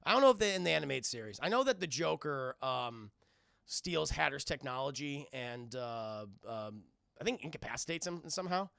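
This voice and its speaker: An excitable male streamer with a bright, gravelly voice swings widely in pitch as he chats profanely with his viewers. The sound is dry and close. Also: normal speed, no room sound. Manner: excitable, profane, addresses the chat. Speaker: streamer and show reviewer. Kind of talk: casual live-stream commentary.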